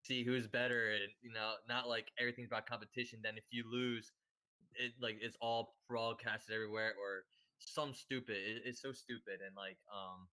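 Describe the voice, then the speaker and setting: A man's voice: medium pitch, flat delivery, normal speed, bright, forceful tone, smooth. A man guesting on a podcast, talking earnestly and casually about playing an online game for fun, filling his speech with "like" and "you know". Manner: earnest, repetitive, easygoing, heavy use of "like" and "you know".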